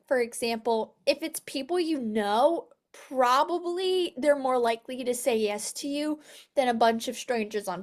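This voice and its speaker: A young woman leading a live online sales training, upbeat and chatty, full of fillers and constant "you guys". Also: fairly high pitch.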